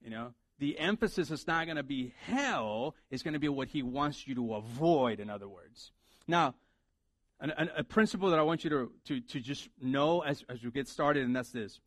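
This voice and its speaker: A man's voice: medium pitch, animated, normal speed, a bit bright, dry recording. A man preaching a sermon as a pastor, talking conversationally and animatedly and acting out the lines he quotes.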